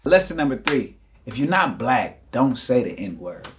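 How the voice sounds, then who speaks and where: A young man, telling lively stories to the camera and acting out voices and punches. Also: medium pitch, unhurried, soft background music. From United States. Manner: animated, acts out quotes and punches with sound effects. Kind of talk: casual storytelling.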